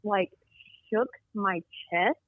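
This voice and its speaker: A woman's voice: mid-range voice, slow pace, a crowd in the background. Woman telling a tale over a phone line. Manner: animated, rambling storyteller who acts out dialogue. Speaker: guest telling a Bigfoot encounter. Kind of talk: storytelling on a call-in interview. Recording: tinny dry phone line.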